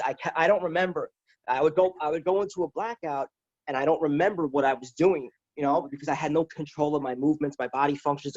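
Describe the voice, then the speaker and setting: Man, fairly high voice, casual storytelling, rambling with restarts, dull lo-fi recording. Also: darkish tone. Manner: rambling, repeats words and restarts; quotes others with "he's like". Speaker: guest. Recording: dull lo-fi sound.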